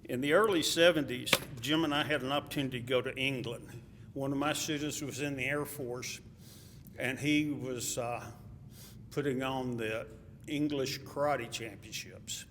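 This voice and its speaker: A man's voice: medium pitch, steady tone, moderate pace, a bit bright. A man with a Texas accent telling a chuckling personal story at a memorial. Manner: chuckling, anecdotal. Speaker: eulogy speaker. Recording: hall reverb, faint ambient noise.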